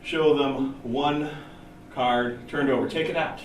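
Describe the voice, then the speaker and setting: A man giving a conference talk to a room of engineers, chatty and lively, acting out the people in his stories. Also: mid-range voice, slow pace. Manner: lively, conversational, acts out quoted people. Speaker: conference speaker. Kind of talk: technical conference talk with storytelling. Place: meeting room at a user group event. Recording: roomy and distant with faint noise.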